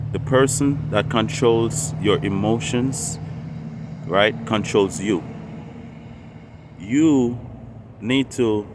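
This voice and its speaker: A man's voice: lowish voice, noisy background. A man hosting a spiritual channel, talking unscripted and meandering, often repeating and restarting phrases. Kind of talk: unscripted casual monologue.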